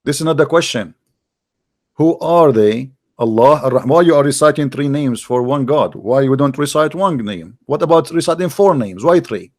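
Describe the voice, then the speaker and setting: A man hosting a debate, pressing with rapid repeated questions. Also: mid-range voice. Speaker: debate host. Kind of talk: live call-in debate.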